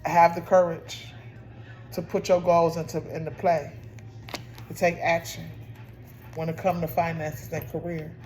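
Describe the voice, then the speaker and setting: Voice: medium pitch, little pitch movement, a little slow, pauses often, a little mellow, a little hiss or hum. A tarot reader giving a casual spoken reading, often repeating and restarting phrases while speaking straight to the listeners. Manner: repetitive, restarts phrases, addresses listeners directly.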